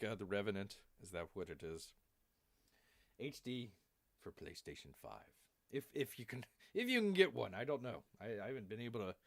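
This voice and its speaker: A man's voice: medium pitch, gravelly, no room sound, studio quality. Rambling man chatting live as "Bear". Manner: rambling, calls himself Bear in the third person, jokey asides. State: voice wearing out. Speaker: live stream host. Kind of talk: rambling live-stream chat.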